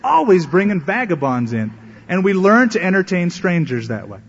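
A man's voice: high voice, big pitch swings, normal speed, fairly bright tone, breathy edge. A man preaching a sermon as a pastor, telling a story and acting out the voices of the people in it. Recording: echoey hall, dull lo-fi sound.

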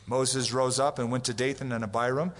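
A man's voice: mid-range voice, steady tone, a little fast. A man preaching a sermon as pastor, telling stories and acting out the voices of the people he quotes. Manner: storytelling, acts out quoted voices. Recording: long hall reverb.

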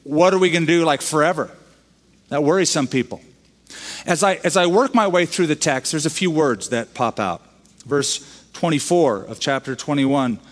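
A man's voice: mid-range voice, big-room sound. A man who is a pastor, preaching a sermon in a conversational way, bringing in humorous quoted voices.

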